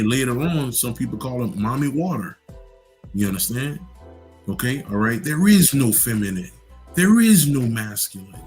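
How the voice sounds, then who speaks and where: A man giving a casual, rambling spiritual monologue, profane and full of restarts. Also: lowish voice. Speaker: host.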